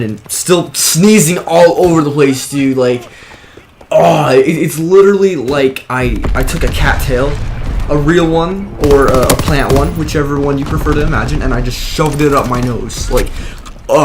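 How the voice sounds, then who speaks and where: A young man telling a story in a casual, rambling way, filling it with "like" and "whatever.". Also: mid-range voice. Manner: rambling, drops "like" and "whatever" everywhere. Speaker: vlogger. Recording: steady background noise.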